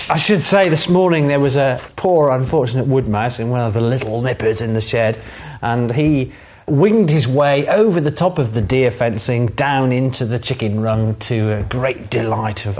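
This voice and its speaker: A man's voice: mid-range voice, moderate pace, few pauses, darkish tone. A man co-hosting a podcast, rambling and hesitant in a self-deprecating way. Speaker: podcast co-host. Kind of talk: casual podcast chat.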